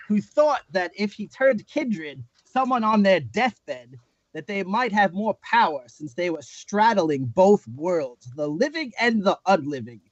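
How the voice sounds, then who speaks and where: A grandiose old Nosferatu vampire, played by a man, boasting of his feeble powers in a tabletop game. The voice sits high and swings wildly in pitch while the words come slow and drawn out. The sound is dull and lo-fi, as if over an online call. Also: exaggerated voice. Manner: grandiose, self-mocking. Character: old male Nosferatu vampire, bumbling, weak. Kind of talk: tabletop role-play.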